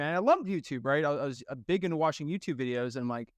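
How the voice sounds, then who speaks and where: Clear-voiced young man telling his story. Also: fairly high pitch, fast talker, no room sound, clean studio sound. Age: young adult. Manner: energetic, quotes people in animated voices. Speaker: guest. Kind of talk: casual storytelling.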